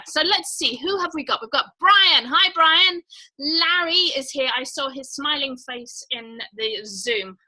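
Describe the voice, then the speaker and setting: A woman's voice: high voice, sharp tone, low-quality recording. A woman hosting a casual livestream. She chats in a rambling way with many fillers and greets viewers one by one. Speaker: livestream host.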